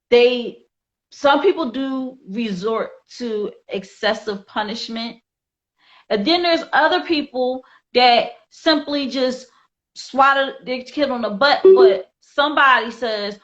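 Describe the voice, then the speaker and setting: A woman's voice: a little high, a bit bright. A woman hosting a casual discussion show who speaks in an earnest, informal and opinionated way. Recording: slightly dull lo-fi sound.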